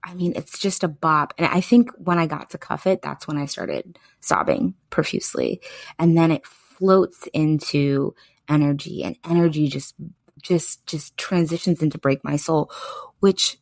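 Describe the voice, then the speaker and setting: A woman's voice: low-pitched, lively intonation, measured pace, vocal fry, no room sound. A young adult woman hosting a podcast, chatting casually and effusively. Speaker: podcast host.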